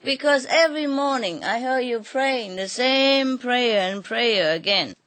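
A woman's voice: fairly high pitch, a little slow, fairly bright tone, pitched above the performer's own voice. A woman voicing a frantic, desperate man begging shrilly and insistently to get his money back in a told folk tale. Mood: pleading.

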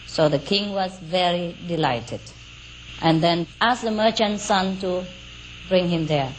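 A woman telling a folk tale aloud in a relaxed, unhurried way, with chatty asides, fillers and small laughs. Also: lowish voice, poor audio. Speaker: storyteller. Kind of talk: casual oral storytelling. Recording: faint outdoor cricket noise.

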